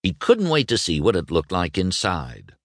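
A man reading a children's novel aloud, expressive and voicing every character. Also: deep voice, normal speed, no echo, studio quality. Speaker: audiobook narrator. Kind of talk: scripted storybook narration.

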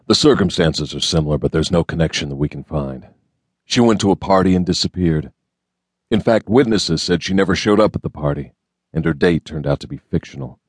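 Guy reading a gruff brooding fed agent, low voice, dry close sound, clipped lines. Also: a little fast, dry recording. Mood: grim. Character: grim brooding male federal agent. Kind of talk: audiobook character reading.

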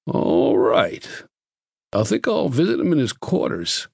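A man's voice: medium pitch, huge pitch swings, unhurried, vocal fry, breathy edge, dry recording, clean studio sound, full character voice. A male narrator voicing an insistent, curious army doctor who presses with questions. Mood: probing.

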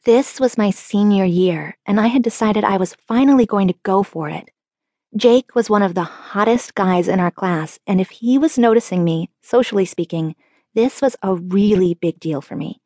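A woman's voice: medium pitch, mellow, dry recording. Woman narrating an audiobook, dry and close. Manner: measured, earnest storytelling. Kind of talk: scripted first-person narration.

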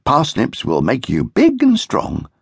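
A man voicing a worried, doting mother rabbit in a children's audiobook, fussing and gently scolding. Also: medium pitch, huge pitch swings, unhurried, gravelly, husky, dry recording, studio quality, voice pushed up, heavily acted. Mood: fond, fussing. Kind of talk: audiobook character voice.

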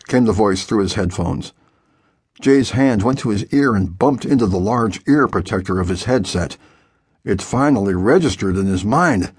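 A man narrating a children's adventure audiobook in a vivid, expressive storytelling manner. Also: fairly low pitch, normal speed, husky, no room sound, studio quality.

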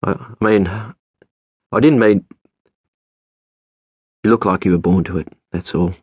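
Man playing a quiet lighthouse keeper. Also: fairly even intonation, slightly rough, no room sound, exaggerated voice. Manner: quiet, halting, low-key. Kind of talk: audiobook narration.

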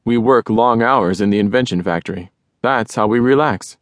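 A man voicing a friendly, patient adult helper in a children's audiobook, explaining things calmly. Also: medium pitch, normal speed, dry recording, lightly acted. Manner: calm, explaining. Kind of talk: audiobook character voice.

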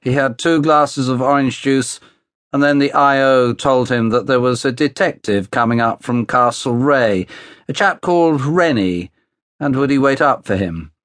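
A man narrating a thriller audiobook in a measured, steady storytelling manner, close to the mic. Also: medium pitch, no echo. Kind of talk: scripted narration. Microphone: close studio mic.

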